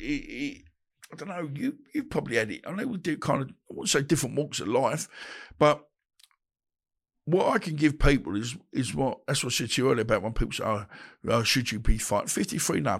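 Blunt man, fifties, storytelling guest, lively pitch, mid-range voice. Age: 50s. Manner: blunt, animated, acts out quoted dialogue. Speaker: guest, boxer. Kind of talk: casual storytelling interview.

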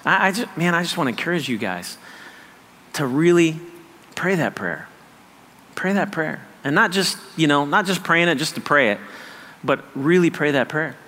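A man's voice: a little high, lively intonation, normal speed, bright, forceful tone, big-room sound. A man preaching a sermon, emphatic and repetitive, often checking that listeners follow. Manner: emphatic, repeats phrases, asks "does that make sense". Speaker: pastor.

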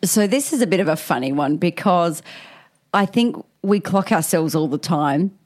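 A woman's voice: on the low side, lively intonation, normal speed, darkish tone, a little hiss or hum. A woman co-hosting a casual parenting chat, candid and laughing as she tells stories and acts out quotes. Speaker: podcast co-host.

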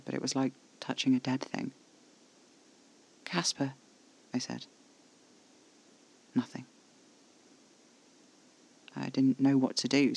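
A man narrating a first-person horror audio drama in a measured, intimate storytelling manner. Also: mid-range voice, creaky.

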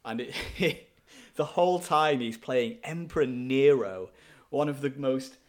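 A man co-hosting a casual film review podcast, chatty and quick to laugh, with frequent asides. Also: medium pitch, a little mellow. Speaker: podcast co-host.

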